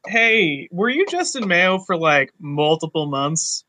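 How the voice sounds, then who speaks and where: A man playing a tabletop role-playing game, animated and excitable. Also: fairly high pitch, takes it slowly. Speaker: player. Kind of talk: tabletop role-play, casual chat.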